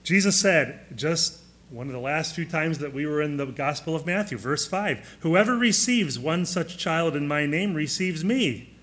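Middle-aged male pastor, sermon delivery, a touch higher-pitched, questions the congregation, drags key words for weight. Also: lively intonation, a bit bright. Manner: asks the congregation questions, slows for emphasis.

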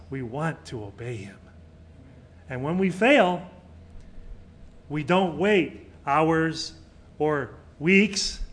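A middle-aged male pastor preaching a sermon, swinging between loud emphatic peaks and quiet, soft passages. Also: fairly high pitch.

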